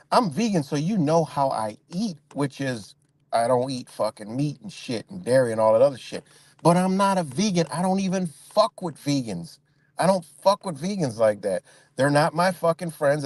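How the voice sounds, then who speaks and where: A man hosting a casual livestream, ranting in a rambling, profane way and mimicking other people in high voices. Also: darkish tone, no room sound. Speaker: livestream host.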